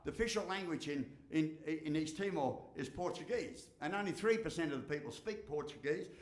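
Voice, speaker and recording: A man's voice: fairly high pitch, fairly quick. Jokey Australian man speaking in an echoey hall. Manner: blunt, jokey, lively delivery with mild swearing. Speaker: motivational speaker. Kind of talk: humorous keynote speech.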